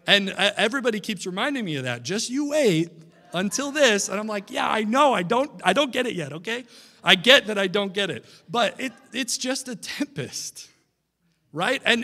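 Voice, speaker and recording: A young male pastor preaching in a church sanctuary, his voice high and bright. He keeps the sermon conversational, checking in with the congregation through frequent "right?" asides. A long hall reverb trails every phrase.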